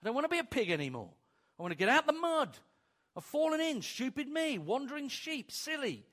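A foolish little sheep, as a preacher puts it on, squeaky high and bouncing all over, scolding itself fast and loud in a self-mocking whine. it sounds comically exasperated at its own silliness. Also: male voice, sing-song, full character voice. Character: silly bleating sheep stuck in mud.

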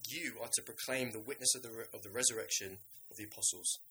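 A man preaching a sermon in a lively, conversational way, now and then acting out the voices of biblical figures. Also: medium pitch, fast, rough recording.

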